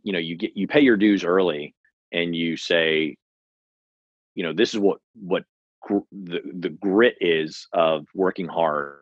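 A man's voice: low voice, unhurried, dry recording, dull audio. A man hosting a podcast interview, reflective and encouraging, peppering his remarks with "you know". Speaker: podcast host. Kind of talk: conversational interview.

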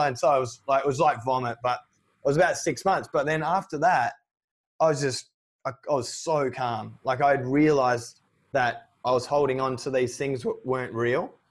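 A man in his thirties talking openly and reflectively about his own life, with a middling pitch. His delivery turns lively when he acts out his own past words. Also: normal speed. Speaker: guest. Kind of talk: candid personal conversation.

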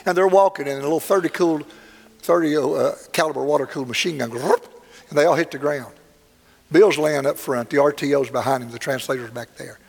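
A man's voice: fairly high pitch, a little fast, creaky. An older man preaching a sermon, telling a story in a plainspoken, earnest way that swells dramatically. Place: church sanctuary. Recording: long hall reverb, faint music.

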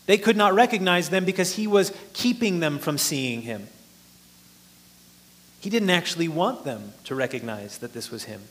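A man's voice: fairly high pitch, lively intonation, normal speed. A man preaching a sermon, explaining a passage earnestly and rising in force for emphasis.

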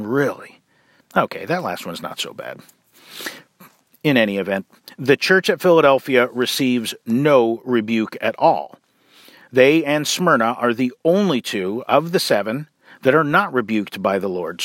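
A man hosting a casual Bible teaching podcast, chatty and jokey in his asides, then reading scripture aloud at a steady pace. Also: medium pitch, no echo, studio quality. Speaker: podcast host.

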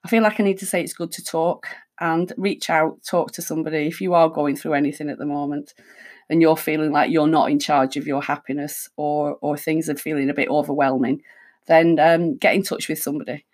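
A woman hosting a reflective self-help talk, speaking calmly and conversationally as she thinks aloud. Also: low voice, a little fast. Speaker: host.

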